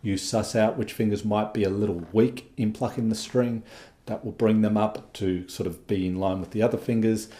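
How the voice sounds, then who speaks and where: Male guitar instructor, calm explainer, deep-ish and dark in tone. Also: moderate pace. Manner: patient, explanatory, checks in with "okay?". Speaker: guitar teacher. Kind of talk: instructional lesson.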